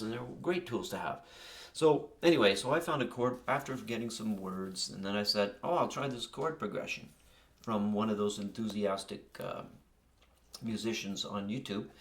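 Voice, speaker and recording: A low-voiced man gives a loose, rambling walkthrough of his songwriting process, often breaking off with "anyway." He is in a small home music room, and the camera rests on a chair. A faint hiss sits under the audio. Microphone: camera unit on a chair.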